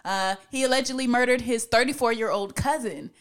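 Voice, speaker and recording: A woman co-hosting a podcast in casual chat, opinionated and quick to laugh. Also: on the high side. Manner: chatty and opinionated, laughs often. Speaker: podcast co-host.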